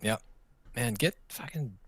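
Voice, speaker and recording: A man's voice: mid-range voice, measured pace, a crowd in the background. A man co-hosting a casual podcast over an online call, rambling and joking. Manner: rambling, joking, puts on silly voices. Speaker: podcast co-host. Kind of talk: casual chat.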